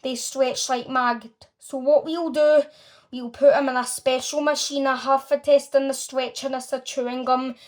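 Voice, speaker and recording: A woman reading a brisk, breezy chocolate maker. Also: sits high, flat delivery, darkish tone, natural voice. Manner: brisk, cheerfully dismissive.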